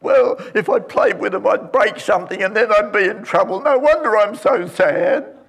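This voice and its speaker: A man doing a gloomy little boy, high and whiny. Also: normal speed, vocal fry, a bit bright, exaggerated voice. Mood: mournful.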